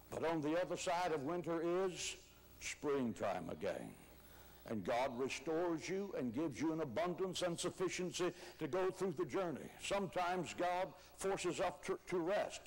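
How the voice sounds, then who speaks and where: An older man preaching a sermon as pastor, emphatic, rising to shouts on key words. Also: on the high side, poor audio.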